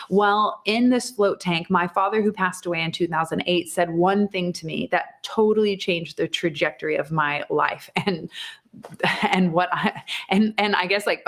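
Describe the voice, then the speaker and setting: A woman in her thirties hosting a podcast, telling a personal story in a chatty, animated way and laughing often. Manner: chatty, animated, laughs often, jumps pitch for quoted speech. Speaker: podcast host and psychic medium. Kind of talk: casual storytelling monologue.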